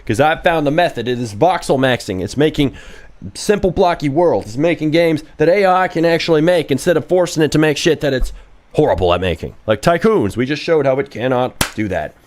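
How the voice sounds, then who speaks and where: A young man live-streaming while he builds games, chatting casually in a brash, profane, excitable way and answering viewer questions. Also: fairly high pitch, a little fast. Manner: reads viewer chat questions aloud and answers. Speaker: game developer streaming live. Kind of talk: casual livestream chat while coding.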